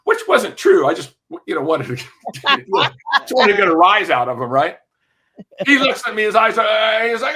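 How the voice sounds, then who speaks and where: Bright-voiced, animated older storyteller man. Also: sits high, normal speed. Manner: lively, profane, keeps checking in with "right?". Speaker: music industry veteran guest. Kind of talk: animated anecdote-telling in a podcast interview.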